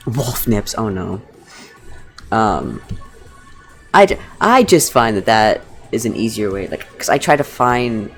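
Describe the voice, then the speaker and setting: A woman's voice: rumbling low, expressive, takes it slowly, pauses often, faint music behind. A woman streaming from her living room couch, chatting casually and rambling as she embroiders, swearing now and then. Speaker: streamer making fursuit badges. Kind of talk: casual live-stream chat.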